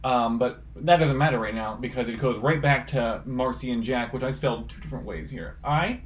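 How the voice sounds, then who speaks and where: A man co-hosting a podcast, recapping a movie with quick joking asides. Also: mid-range voice. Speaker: podcast co-host. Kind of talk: casual movie recap chat.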